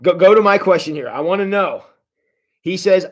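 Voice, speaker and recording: Man, pastor type, high voice, casual livestream teaching, restarts phrases often. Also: moderate pace. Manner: conversational, animated, repeats words when restarting; addresses viewers directly. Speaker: pastor leading a Bible study. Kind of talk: livestreamed Bible study teaching.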